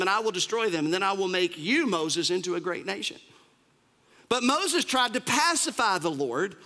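A male pastor preaching a sermon in an animated, conversational way, with humorous asides. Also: high-pitched.

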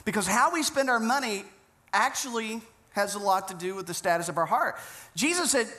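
A man's voice: high-pitched, animated, a little fast, pushed and bright. A man pastor preaching a sermon, earnest and conversational, telling stories with frequent restarts.

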